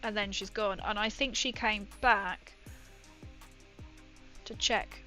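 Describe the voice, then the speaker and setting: A woman's voice: mid-range voice, fairly even intonation, takes it slowly, bright, forceful tone, rough recording. A young woman streaming while painting miniatures, telling a rambling story in casual chat with lots of fillers. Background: faint background music.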